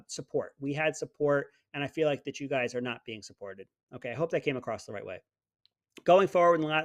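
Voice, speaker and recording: A man's voice: mid-range voice, no echo. A middle-aged man from the American South hosting a casual show, talking with sarcastic, joking asides and ribbing his listeners. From United States. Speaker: show host. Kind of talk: casual political commentary.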